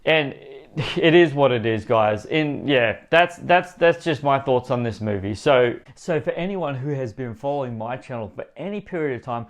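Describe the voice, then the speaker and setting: A man's voice: mid-range voice, lively intonation, normal speed. A man giving a casual spoken movie review for his channel, rambling and emphatic, repeating himself and talking straight to his viewers.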